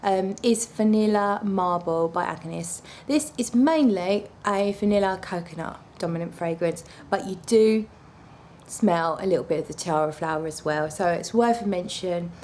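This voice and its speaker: A woman's voice: fairly low pitch, normal speed, dark tone, a little hiss or hum. A woman reviewing perfumes in a casual vlog, chatty and gushing with blunt, apologetic asides.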